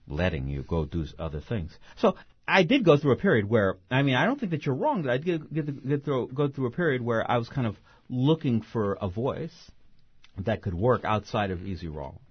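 A man's voice: mid-range voice, lively intonation, fairly quick, husky, dry recording, highs cut off. A novelist being interviewed. He talks expressively and often restarts mid-phrase. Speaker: novelist guest. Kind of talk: interview conversation.

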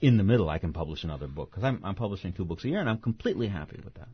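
A man speaks expressively as a novelist guest, often restarting his phrases. His voice is low and husky, and his pitch swings widely. The recording sounds dull and dry. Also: expressive, racing, no echo. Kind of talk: interview conversation.

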